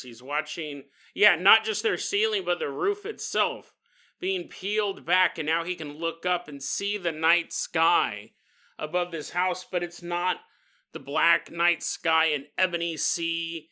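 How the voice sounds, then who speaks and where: A man's voice: fairly high pitch, a little slow, pushed and bright. A man hosting a podcast, telling a story casually with rambling, joking asides. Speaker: podcast host.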